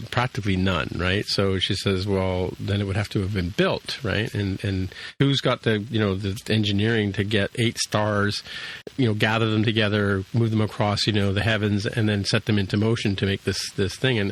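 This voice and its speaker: A man's voice: fairly low pitch, fairly bright tone. A man casually retelling a TV episode on a podcast, rambling with many fillers and restarts. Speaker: podcast co-host recapping an episode. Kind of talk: casual chat.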